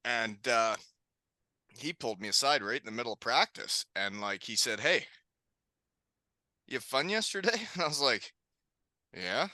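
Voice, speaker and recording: A man's voice: medium pitch, animated, moderate pace, pauses often, pushed and bright, dry recording. A man in casual podcast chat, telling hockey stories and laughing through them. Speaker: podcast guest.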